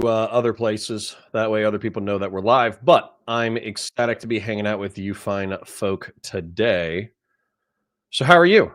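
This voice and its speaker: Rambling, sleepy livestream host. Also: male voice, mid-range voice. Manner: rambling, chatty, self-deprecating. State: sleepy, yawning. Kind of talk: casual livestream chat.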